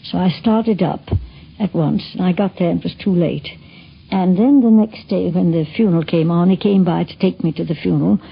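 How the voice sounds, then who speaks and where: A woman's voice: fairly low pitch, moderate pace. An older woman reminiscing in casual recollection, with asides to the listener, on a lo-fi 1950s radio recording. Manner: gravelly, husky, chatty with asides. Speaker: interviewee reminiscing. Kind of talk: spoken recollection.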